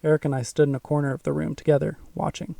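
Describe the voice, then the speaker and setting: A man narrating a first-person audiobook in a measured, suspenseful way. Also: a little high, flat delivery, creaky, mellow, no echo, recorded from a distance.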